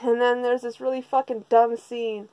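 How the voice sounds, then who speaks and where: Woman reviewer, sarcastic and profane comedic recap, slightly high voice, dry close sound. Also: little pitch movement, moderate pace, mellow, dry recording, rough recording. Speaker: manga reviewer.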